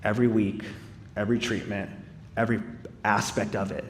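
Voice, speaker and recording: A man's voice: on the low side, flat delivery, a little fast, a little hiss or hum. A man giving a live testimony in church, telling his story in an earnest, conversational way with casual fillers. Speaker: speaker sharing a personal testimony.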